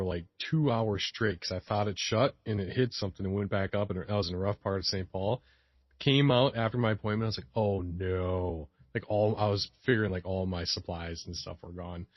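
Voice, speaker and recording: A man co-hosting a podcast, telling sales stories in relaxed casual chat and laughing along. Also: on the low side, a little fast, no echo, highs cut off.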